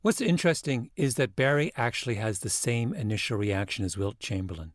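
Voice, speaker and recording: A man hosting a podcast, telling a story in scripted narration with a measured, reflective manner. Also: mid-range voice, lively intonation, dry recording, studio quality. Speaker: podcast host.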